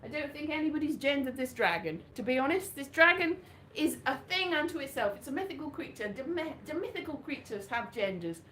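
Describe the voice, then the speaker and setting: Woman stand-up comic from Wales, high voice, rambling and self-mocking, echoey live room. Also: very animated, a little fast, few pauses, fairly bright tone, slight background noise. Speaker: stand-up comedian. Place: small venue.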